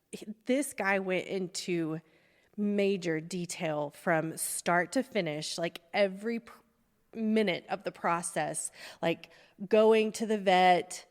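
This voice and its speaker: Chatty woman in a reverberant room. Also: mid-range voice. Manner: rambling storyteller, laughs often. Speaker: podcast host. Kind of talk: casual chat. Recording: long reverb.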